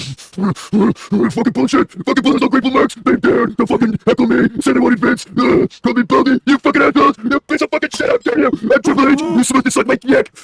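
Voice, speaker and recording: A man's voice: very high-pitched, rapid-fire, creaky, hardly any pauses, no room sound, exaggerated voice. A man voicing a hot-tempered, swearing wrestling boss in an improvised comedy skit. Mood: furious. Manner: shouting, swearing, whiny outbursts. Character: furious ranting big-nosed wrestling boss.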